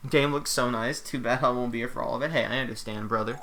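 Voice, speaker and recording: A man streaming a game playthrough, bantering and joking excitedly. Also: medium pitch, fast, hardly any pauses. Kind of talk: let's-play commentary.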